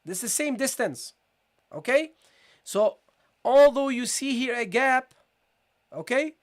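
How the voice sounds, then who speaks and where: A man's voice: very high-pitched, lively intonation. A man teaching Quran recitation in a live online lesson, speaking patiently and repeating points while checking in with viewers. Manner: repetitive, checking in with viewers, slow demonstration of sounds. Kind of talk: live-streamed tajweed lesson.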